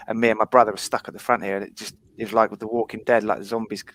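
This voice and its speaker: A man on a fan podcast panel, telling an animated story in casual chat and swearing freely. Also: lowish voice, very fast.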